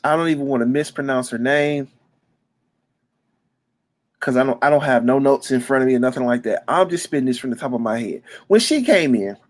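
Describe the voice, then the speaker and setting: A man from Detroit, a former youth football coach, talking off the cuff as a fan. He gets emotional, repeats himself, stumbles over words and breaks into sudden loud bursts. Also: medium pitch, expressive, a little fast. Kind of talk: emotional unscripted fan monologue.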